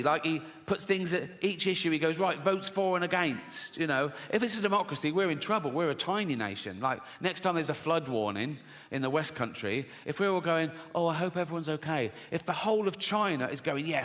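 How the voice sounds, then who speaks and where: A man's voice: fairly high pitch, fairly bright tone. Sardonic English man doing stand-up. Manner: sardonic, swears freely, acts out people in other voices. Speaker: stand-up comedian. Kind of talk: stand-up comedy. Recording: faint background noise, live audience laughs.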